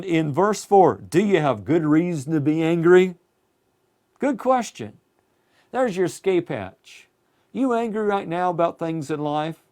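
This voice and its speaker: A man's voice: medium pitch, darkish tone. A man preaching a sermon in a conversational way, asking his listeners direct questions.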